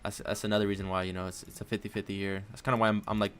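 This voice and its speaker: Sitting at his trading desk at home with his dog in his lap, a man live-streams his day trading over music. His lowish voice barely moves in pitch and he talks very fast, casually musing on chart levels and frequently saying "honestly" and "man".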